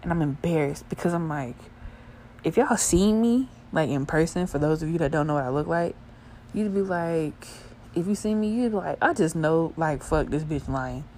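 Profane, lively young woman telling a story. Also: deep voice, normal speed, slight background noise. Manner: crude, profane and animated, with bursts of laughter. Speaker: vlogger. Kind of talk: casual storytelling.

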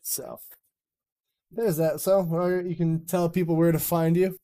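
A man's voice: fairly high pitch, flat delivery, a little slow, warm tone. A man hosting a casual podcast chat, rambling and joking with plenty of swearing. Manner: rambling, swearing, loose and jokey. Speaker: podcast host.

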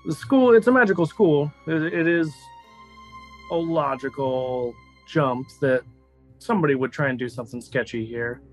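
Game master, male, relaxed and easygoing narration, mid-pitched voice. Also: moderate pace, faint music behind, rough recording. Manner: laid-back, laughs easily.

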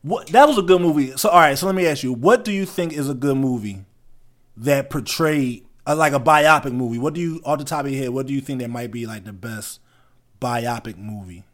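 A man's voice: medium pitch, fairly quick, a bit bright. A young man hosting a podcast in casual chat, talking in loose, profane, slangy banter. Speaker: podcast host.

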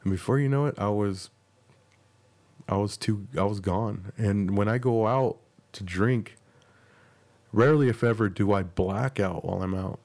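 A man's voice: fairly low pitch, moderate pace, pauses often, darkish tone. A young man hosting a podcast, telling a rambling, profane story about himself in a casual, self-mocking way. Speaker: podcast host.

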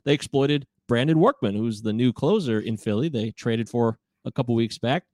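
A man from the American Midwest, co-hosting a casual sports chat, chatty and animated and quick to laugh. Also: medium pitch, no room sound, studio quality. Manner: chatty and animated, laughs often, leads the questions. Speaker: podcast co-host.

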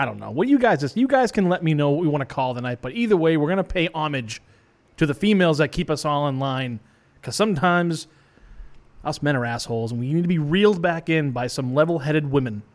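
A male radio DJ, rambling casually and joking about himself between songs in a small studio. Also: on the high side. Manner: rambling, self-joking, loose. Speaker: radio DJ host. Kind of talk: casual live radio chat.

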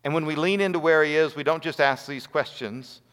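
A man's voice: on the high side, brisk, a bit bright. Man preaching in a reverberant hall. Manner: earnest, builds to rhetorical questions. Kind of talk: sermon.

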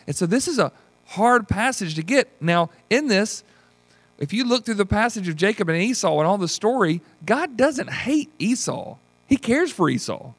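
A man, leading a Bible study as pastor in a folksy, animated teaching style and acting out voices. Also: high voice, dry recording. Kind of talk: teaching sermon with group discussion.

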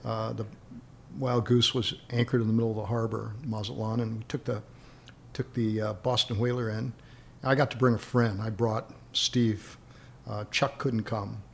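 Gravelly man telling rambling stories. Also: on the low side, little pitch movement, moderate pace, a little hiss or hum. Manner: rambling, chuckling as he recalls stories. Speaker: interview guest. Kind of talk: anecdotal storytelling.

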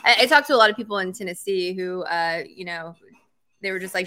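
A female journalist with a bright, forceful voice, joining a panel. She talks fast and eagerly, piling up her points with fillers. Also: fairly low pitch. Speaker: journalist guest. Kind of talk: casual panel talk.

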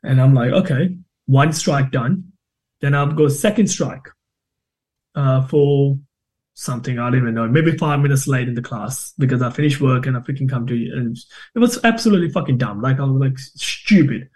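A man in his thirties from India, a podcast guest telling a lively, sweary story about his trainer course. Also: mid-range voice, moderate pace. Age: 30s. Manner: animated, swears freely, acts out both sides of quoted arguments. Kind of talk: casual interview storytelling.

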